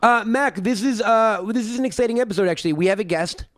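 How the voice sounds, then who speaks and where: Man, podcast co-host from New York, slightly high voice, dry and close, quick joking banter. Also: no echo. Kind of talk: casual chat.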